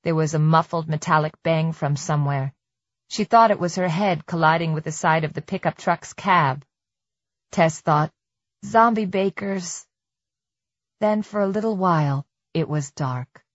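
A woman reading a novel aloud in measured, even scripted narration. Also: low voice, no room sound. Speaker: audiobook narrator. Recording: dry, slightly muffled recording.

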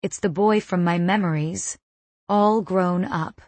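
A woman reading a first-person novel as an audiobook narrator, in a measured, suspenseful manner on a close mic. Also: lowish voice, fairly even intonation, darkish tone, dry recording.

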